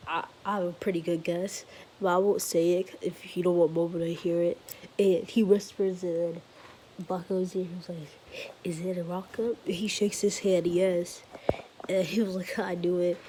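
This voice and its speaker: Casual female storyteller, rambling, filler-heavy, soft mellow timbre. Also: lowish voice, a little hiss or hum. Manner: rambling, lots of "like" and restarts. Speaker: fan storyteller. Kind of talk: casual spoken fan story.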